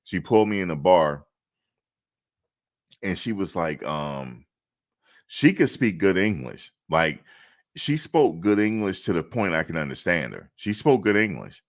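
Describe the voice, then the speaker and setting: A man from New Jersey telling a travel story to camera in a casual, animated, slangy way, repeating himself for emphasis. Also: deep voice, a little slow, long pauses.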